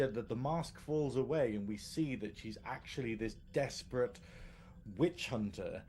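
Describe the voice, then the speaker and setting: A man's voice: medium pitch, darkish tone, slight background noise. Rambling man on a podcast. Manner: rambling, self-interrupting, laughs often. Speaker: podcast co-host. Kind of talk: casual live podcast chat.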